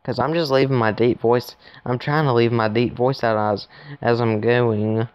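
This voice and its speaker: A man's voice: medium pitch, fairly even intonation, normal speed, clear, resonant tone, no echo, highs cut off. A man giving rambling, casual commentary to his viewers while playing a phone game, recorded on his phone. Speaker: gaming YouTuber.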